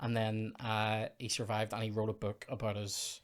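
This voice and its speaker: A young man hosting a comedy podcast, rambling and animated in casual chat. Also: moderate pace. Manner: rambling, animated, bursts into high put-on quotes.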